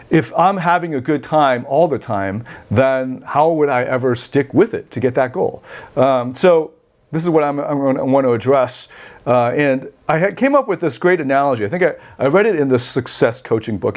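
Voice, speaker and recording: A man hosting a coaching podcast, telling a story in a rambling, animated way with many self-corrections. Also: mid-range voice. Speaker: podcast host and life coach. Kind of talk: storytelling monologue.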